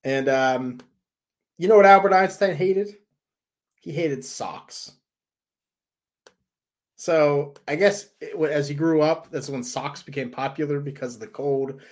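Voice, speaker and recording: A man's voice: on the high side, a little slow, pauses often. A man co-hosting a podcast, telling stories and giving advice in a loose, rambling way with lots of fillers. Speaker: podcast co-host. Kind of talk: casual podcast chat.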